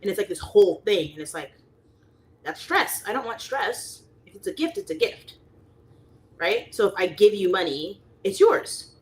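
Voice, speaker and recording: A woman's voice: mid-range voice, big pitch swings, moderate pace. A young adult woman hosting a livestream, chatting casually and rambling with lots of fillers, reading chat and acting out quoted people.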